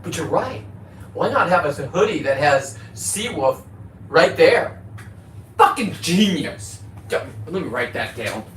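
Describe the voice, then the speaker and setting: A middle-aged man talking casually on his livestream, rambling from topic to topic in a loud, profane, boisterous way. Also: on the high side, very animated, measured pace, roomy sound, slight background noise. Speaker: livestreaming content creator.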